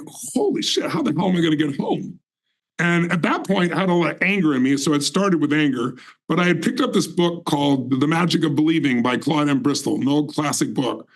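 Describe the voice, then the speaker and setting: A man in his sixties with a gravelly, rough-edged voice that sits a little high for a man. He speaks as a guest in a motivational talk, intense and certain, pressing each point home. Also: brisk, rough recording. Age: 60s. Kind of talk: motivational storytelling in conversation.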